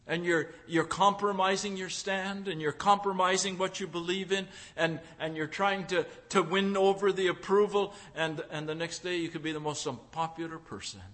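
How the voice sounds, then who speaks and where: A preacher delivering a sermon in a high, bright voice. He builds emphasis by stacking repeated phrases and swings into acted-out crowd voices. His delivery is emphatic and forceful. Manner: acts out crowd voices in quotes.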